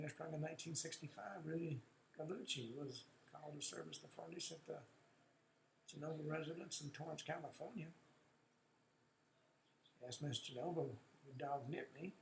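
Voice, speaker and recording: A man hosting a radio show, reading strange animal stories aloud, often halting with uh's and restarts. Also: fairly high pitch, creaky, roomy sound, a little hiss or hum, rough recording.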